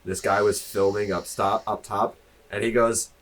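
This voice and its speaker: A man co-hosting a casual podcast, telling rambling stories full of fillers and loud acted-out quotes. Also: lowish voice, level tone, normal speed. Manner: rambling storyteller, many fillers, breaks into loud laughing imitations. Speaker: podcast co-host. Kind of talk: casual chat.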